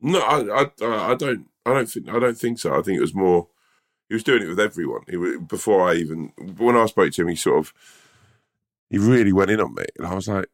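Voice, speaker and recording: Deep gravelly man. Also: animated, fast, no room sound, clean studio sound. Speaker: podcast co-host. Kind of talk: casual chat.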